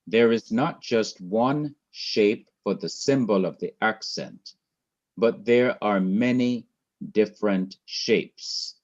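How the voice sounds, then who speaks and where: A man's voice: lowish voice, dull audio. A man teaching a Hebrew class, laying out rules one by one in a methodical, repetitive way. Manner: slow, methodical, enumerating rules. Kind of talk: online class lecture.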